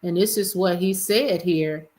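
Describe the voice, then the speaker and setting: A woman hosting an evening livestream, giving chatty, expressive commentary and talking straight to her viewers. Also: fairly low pitch, a little slow. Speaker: livestream host. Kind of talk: casual commentary chat.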